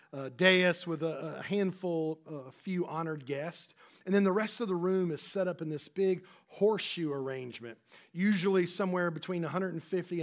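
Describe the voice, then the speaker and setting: A man pastor giving a conversational sermon, with frequent restarts and fillers. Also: fairly high pitch.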